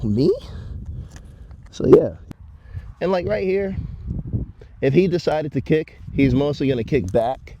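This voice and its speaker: A man talks in a relaxed, easygoing way, slipping into casual slang as he explains how he cares for his horse. His voice sits at an ordinary middle pitch. Clear outdoor noise from around the stable runs underneath. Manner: laid-back, casual slang, soothing horse talk. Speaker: horse owner showing his horse. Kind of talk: casual vlog talk.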